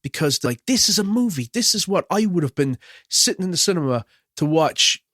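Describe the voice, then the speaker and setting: A man's voice: a little high, sing-song, a little fast, fairly bright tone, no echo, studio quality. A man co-hosting a podcast, chatting casually and with strong opinions about films and TV. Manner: chatty, opinionated, does little mock voices. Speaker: podcast co-host. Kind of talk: casual film chat.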